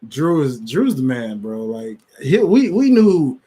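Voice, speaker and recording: Animated slangy man, lively pitch. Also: breathy edge. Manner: animated, slangy, quick to laugh. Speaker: podcast co-host. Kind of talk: casual chat.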